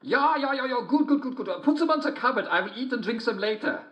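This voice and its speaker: A man voicing a sly wolf that fakes a grandmother's voice in a shrill, wheedling falsetto. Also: expressive, quick pace, a bit bright, muffled recording.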